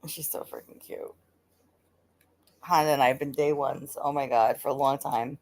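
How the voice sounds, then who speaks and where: A woman's voice: extremely low pitch, fairly even intonation, normal speed, creaky, a little mellow. A woman hosting a live stream, chatting casually with her viewers, laughing often and swearing freely. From United States.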